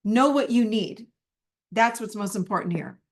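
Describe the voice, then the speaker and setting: A woman's voice: medium pitch, normal speed. A woman teaching a live masterclass in a conversational way, acting out the little inner dialogues she has with herself. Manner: warm, conversational, acts out her own inner dialogue.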